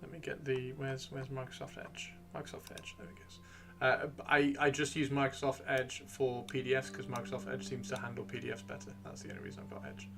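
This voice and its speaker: A livestream host games and browses while rambling casually to himself, swearing once in a while. His voice is medium in pitch, level and creaky, and he talks a little fast with few pauses.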